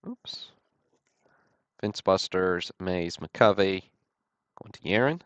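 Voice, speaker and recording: A man hosting a livestream, calling out trading cards one after another in a steady, matter-of-fact way with dry self-deprecating asides. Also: sits low, slow pace, no room sound, dull audio. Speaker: host of a card-break livestream.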